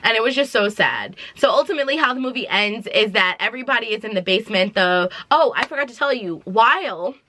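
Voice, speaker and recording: A young woman vlogger giving a casual movie review, retelling the plot in an animated, dramatic way with slangy asides. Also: a little high, quick pace, hardly any pauses.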